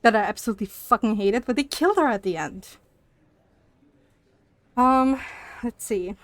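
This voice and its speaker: On a dry recording, a young woman with a fairly high voice streams live at normal speed while using a walking pad. A little out of breath, she chats casually with her audience, animated, profane, and laughing often.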